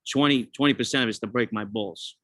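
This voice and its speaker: A man's voice: medium pitch, a little fast, a bit bright, no room sound. A man hosting a casual outdoor conversation, talking in an earnest, admiring way. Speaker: host.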